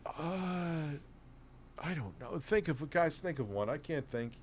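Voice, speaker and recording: A man's voice: fairly high pitch, expressive, slow pace, slight background noise. A man rambling and swearing with laughs through a casual late-night chat stream.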